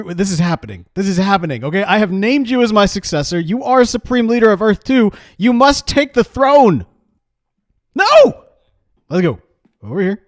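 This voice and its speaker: A man's voice: sits high, no echo, studio quality. A man giving casual, rambling gameplay commentary in a playful, coaxing way. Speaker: game series player.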